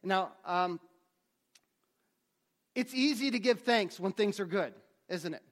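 A man with a high voice preaches a sermon. He speaks earnestly and often repeats a word or two as he restarts his phrases. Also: animated, takes it slowly, fairly bright tone. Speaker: pastor.

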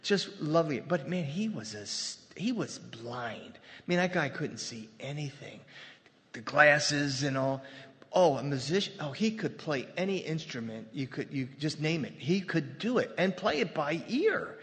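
A man's voice: fairly high pitch, big pitch swings, measured pace. Preaching man in a reverberant hall. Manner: conversational preaching with asides and humor. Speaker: pastor. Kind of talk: sermon. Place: church sanctuary.

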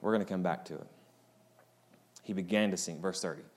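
Dynamic preacher man. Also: brisk. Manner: dynamic preaching, swinging between loud rising appeals and quiet low asides. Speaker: pastor. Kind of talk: sermon.

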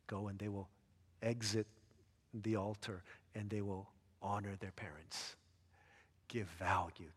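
A man preaching a sermon as a pastor, earnest, rising to loud emphatic peaks and dropping soft and low. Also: long reverb tail.

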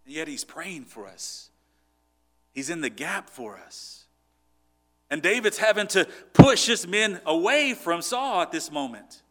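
A man's voice: on the high side, sing-song, measured pace, sharp tone. A man preaching a sermon in an earnest, conversational way, often restarting his sentences. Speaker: pastor.

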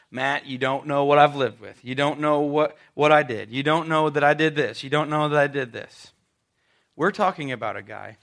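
A man preaching a sermon to a congregation, telling the story dramatically and dropping suddenly to a soft voice. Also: sits high. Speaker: pastor. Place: church service before a congregation.

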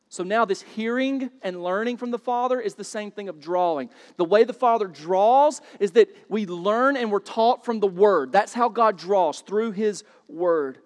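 A man with a fairly high voice preaches from the pulpit, firing rhetorical questions at the congregation. He swings from quiet explanation into loud, emphatic bursts. His voice rings out with the long reverb of a church sanctuary. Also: measured pace. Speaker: pastor. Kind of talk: sermon.

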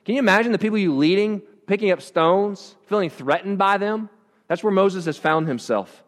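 A man's voice: sits high, normal speed, long reverb tail. A pastor preaching a conversational sermon to his congregation, often restarting his phrases. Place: church.

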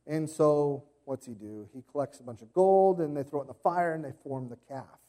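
A man's voice: a little high, a little fast, mellow. A man in his thirties, a pastor giving a sermon, telling stories in a casual, conversational way with playful impressions.

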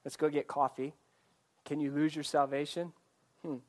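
A man's voice: a little high, little pitch movement, moderate pace, darkish tone. A man preaching a sermon in an earnest way, asking his listeners direct questions. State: choked up, coughing. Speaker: pastor.

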